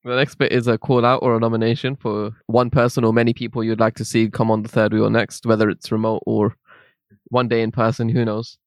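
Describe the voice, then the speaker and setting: A young man, co-hosting a podcast in relaxed banter and laughing often. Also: fairly low pitch, fairly quick, dry recording, studio quality. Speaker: podcast co-host. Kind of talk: casual chat.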